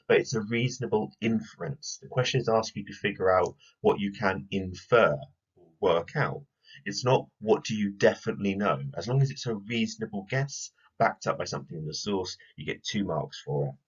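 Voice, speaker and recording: Low husky man teaching a history lesson. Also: highs cut off. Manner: clear, explanatory, addresses pupils directly. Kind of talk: recorded video lesson.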